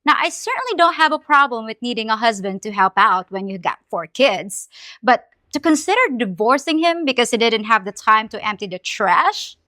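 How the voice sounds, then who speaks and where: A woman's voice: on the high side, very animated, normal speed, sharp tone, dry recording. A woman commentator responding with incredulous sarcasm.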